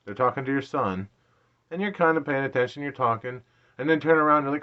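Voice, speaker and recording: Quick-paced and medium in pitch, a man in his late thirties vlogs casual stories, often laughing and making fun of himself. The audio is lo-fi and dull.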